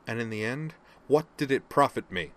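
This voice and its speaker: A man voicing a female Vulcan officer in an audiobook reading, her voice low, monotone and almost mechanical, measured and controlled. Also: lightly acted. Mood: angry. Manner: measured, rising into savage anger.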